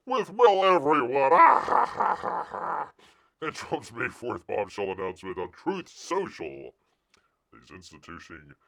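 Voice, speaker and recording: A man's voice: fairly low pitch, a bit bright. A man hosting a live stream, reading news articles aloud and mocking them with sarcastic asides, exclamations and put-on voices. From United States.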